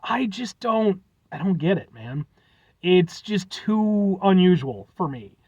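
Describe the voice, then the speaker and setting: A man with a high, bouncy voice that swoops all over as he rambles through a casual review, full of fillers and self-deprecating asides. The sound is dry and close, with a dull, muffled edge. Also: sing-song, slow pace, darkish tone, slightly rough, no echo. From United States. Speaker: food reviewer. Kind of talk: casual chat.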